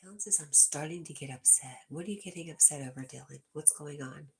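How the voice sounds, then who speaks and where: A woman with a low, husky, slightly mellow voice hosts a casual livestream chat at a quick pace. She reads viewers' comments aloud and answers them directly, sometimes dropping to a whisper.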